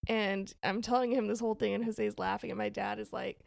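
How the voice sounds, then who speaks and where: A young woman co-hosting a podcast, chatting casually and telling animated stories with frequent laughter. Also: medium pitch, a little fast, creaky. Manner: animated storytelling, laughs often. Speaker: podcast co-host. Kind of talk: casual chat.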